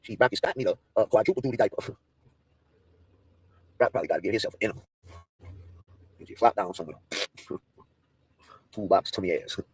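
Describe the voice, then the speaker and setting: A man's voice: fairly low pitch, brisk, long pauses, darkish tone, slightly rough, no echo. A man in a profane, taunting livestream rant, mocking and daring his targets.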